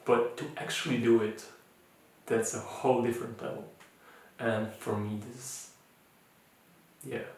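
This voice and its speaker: Mindfulness teacher, male, non-native English speaker, gentle and halting, recorded far off in an echoey room. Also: medium pitch, little pitch movement. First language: not English. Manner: gentle, searching, with many fillers and restarts. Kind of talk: informal recorded talk.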